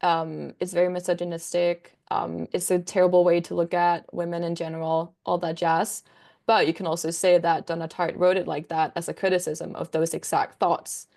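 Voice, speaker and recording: A woman's voice: fairly low pitch, little pitch movement, moderate pace, creaky, a little mellow. A young woman, a book content creator, chatting as a guest in a casual interview, rambling enthusiastically with lots of fillers.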